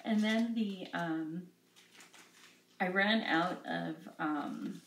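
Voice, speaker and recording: A woman's voice: fairly low pitch, very slow, a little hiss or hum. A middle-aged woman chatting casually as she shows off her craft supplies, self-deprecating and laughing often, recorded at home. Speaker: craft vlogger showing cross-stitch supplies. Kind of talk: casual rambling show-and-tell. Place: home room. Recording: echoey home room.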